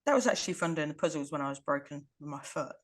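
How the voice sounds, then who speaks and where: Wry, lower-voiced woman, laughing often. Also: expressive, fast talker. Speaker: podcast co-host. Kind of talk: casual chat.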